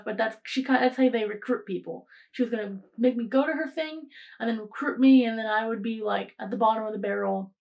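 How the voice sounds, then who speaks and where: On her podcast, a young woman in her late teens rambles through a story, full of fillers and restarts, acting out quoted lines. Her voice is on the high side with a darkish tone.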